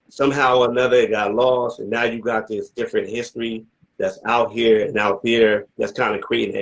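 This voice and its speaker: Interviewing an elder in a relaxed discussion, a man at medium pitch wanders through many "you know what I mean" asides, then rises to emphatic questions. The recording is muffled.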